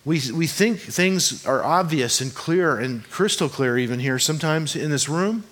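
A man's voice: on the high side, animated, measured pace, a bit bright. A man, a pastor, delivering a sermon in a conversational, joking way and often asking the congregation rhetorical questions. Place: church hall before a congregation.

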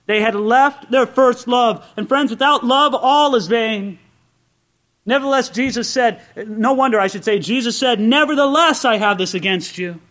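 A man preaching a sermon in a conversational way, full of rhetorical questions, swinging between excited raised asides and low, quiet emphasis. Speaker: pastor.

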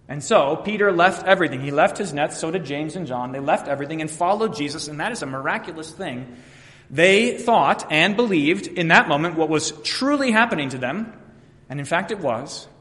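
A man preaching in a church, his voice sitting a touch high for a man. He retells scripture stories and voices each quote, swinging from hushed to ringing. A long reverb trails his words around the sanctuary. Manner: storytelling preacher who voices biblical quotes with sweeping shifts in loudness. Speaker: pastor. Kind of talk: sermon.

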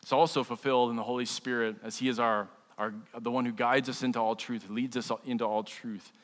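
A man's voice: medium pitch, fairly even intonation, brisk, a bit bright, in a large hall. A man, a pastor, preaching a sermon in a casual, humorous way with frequent restarts.

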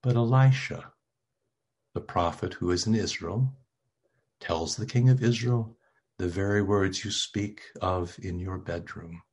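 A man voicing an ancient king's officer, answering urgently and deferentially in a low, husky voice. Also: measured pace, a little mellow, heavily acted. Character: nervous male officer of an ancient king.

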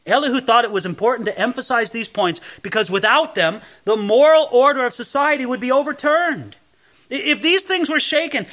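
A man giving verse-by-verse Bible teaching with a high, bright voice. He talks conversationally, reading each passage aloud and then explaining it plainly. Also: lively intonation, normal speed.

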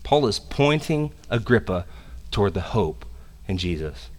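A man preaching a sermon as pastor, animated and conversational, slipping into casual slang. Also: on the low side, a little slow. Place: church sanctuary. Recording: long reverb of a church hall.

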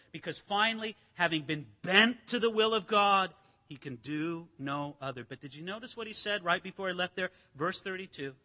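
Bright-voiced preacher in an echoing hall. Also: male voice, high-pitched. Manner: dramatic preaching, swings from hushed to emphatic. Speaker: pastor. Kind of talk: sermon. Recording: long reverb of a large hall.

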